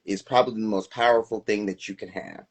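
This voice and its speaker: A man's voice: fairly low pitch, steady tone, quick pace. A middle-aged man co-hosting a casual live-stream chat, talking in a reflective, earnest way. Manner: reflective, earnest, self-questioning. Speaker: co-host.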